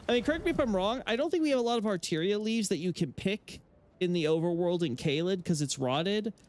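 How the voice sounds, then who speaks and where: A man with a fairly high voice talks loosely about game lore while he plays. He rambles, circles back and stacks fillers and restarts, then drops blunt opinions. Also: animated, brisk, darkish tone. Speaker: gaming lore streamer. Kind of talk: casual live-stream chat while playing.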